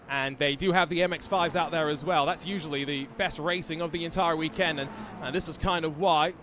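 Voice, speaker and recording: A man with a high, bright voice calls a sim race play-by-play, rushing through the action and ribbing his co-host. A faint hiss sits under the mic. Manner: fast, excitable calls with playful banter. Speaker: play-by-play commentator. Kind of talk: esports race commentary.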